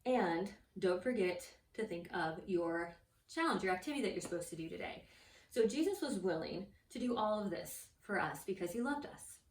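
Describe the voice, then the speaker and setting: A woman children's ministry teacher telling a Bible story and talking straight to the kids in an animated storytelling way. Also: fairly low pitch, distant mic. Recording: echoey room, voice off-mic.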